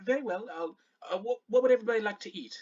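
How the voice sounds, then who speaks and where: A woman's voice: medium pitch, racing, darkish tone, lo-fi sound, voice pushed up, lightly acted. A man voicing Shannara, a genteel, fussy fey innkeeper woman who speaks prim and polite, a little flustered.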